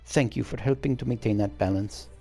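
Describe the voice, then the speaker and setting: A man voicing a shrewd female wildlife overseer with a put-on accent, in a sly, theatrical, drawn-out manner, reading game dialogue during a playthrough. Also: mid-range voice, warm tone, slightly rough, faint music behind. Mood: lecturing.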